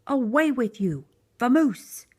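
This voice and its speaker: A woman voicing a grumpy, easily exasperated male bear who blusters and shouts in a storybook reading. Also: fairly high pitch, animated, normal speed. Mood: angry. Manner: stern, blustering, rising to loud outbursts.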